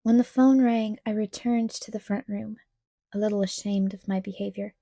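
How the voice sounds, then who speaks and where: A mid-range female voice tells a novel's story in a steady, measured way, reading from a script as an audiobook narrator. The sound is dry and of studio quality.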